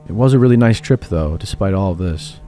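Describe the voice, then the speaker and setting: A man giving a scripted narration of horror stories in a measured, steady reading. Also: low voice. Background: faint background music.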